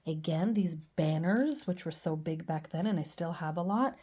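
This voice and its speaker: Woman, middle-aged, casual show-and-tell, gushing, self-deprecating, mellow warm tone. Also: lowish voice, normal speed, husky. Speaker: scrapbooking vlogger.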